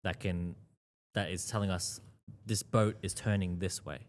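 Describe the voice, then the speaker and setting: A man's voice: low voice, fairly even intonation, moderate pace. A man being interviewed as an investor, talking casually, filling his speech with "yeah, yeah" and "you know" and laughing often. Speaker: investor guest.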